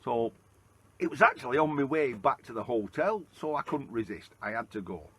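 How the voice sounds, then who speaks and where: A man's voice: medium pitch, expressive, normal speed, fairly bright tone, husky. A man from Lancashire with a Lancashire accent, telling a rambling travel-vlog story on a town street and in a pub, with plenty of "uh"s along the way. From Lancashire, England. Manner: chatty, rambling storyteller with frequent "uh"s. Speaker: travel vlogger. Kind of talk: casual walking vlog narration. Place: outdoors on a town street, then inside a pub.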